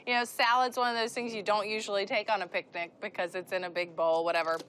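A woman's voice: medium pitch, steady tone, quick pace, a bit bright. A woman co-hosting a TV cooking show, explaining a recipe in a chatty, upbeat way from a studio kitchen. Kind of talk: TV cooking demo.

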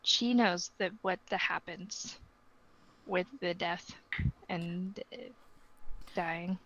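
A woman voicing an innocent, earnest seven-year-old tiefling girl who speaks slowly and haltingly. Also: high-pitched. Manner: slow, halting, childlike speech. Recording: dull lo-fi dry mic sound.

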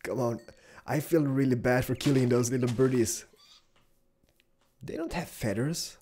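A young man giving excitable Let's Play commentary, exclaiming and chatting to the animals he finds. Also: medium pitch, measured pace, long pauses, slight background noise. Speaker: gaming YouTuber.

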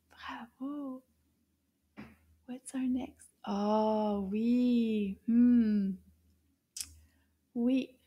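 A woman teaching children, very encouraging, gasping in delight and drawing words out slowly for them to repeat. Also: sits high, warm tone. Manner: encouraging, gasps and drawn-out exclamations. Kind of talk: children's language lesson.

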